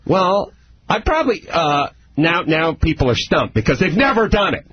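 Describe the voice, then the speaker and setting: A middle-aged man hosting a comedic talk radio show, sarcastic and deadpan, with mock-pompous asides. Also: a little high, moderate pace, a little hiss or hum. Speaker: radio host. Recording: dull lo-fi radio broadcast with music.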